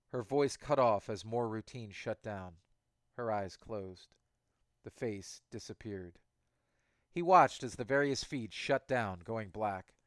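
A man narrating an audiobook in a steady, even reading voice. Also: on the low side, slow, no room sound.

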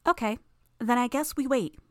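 A woman's voice: on the high side, normal speed, a little mellow, dry recording, clean studio sound, voice pushed up, natural voice. A woman voicing a cocky, confident teenage superheroine in an audiobook reading, with a breezy, teasing manner. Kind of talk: audiobook character voice.

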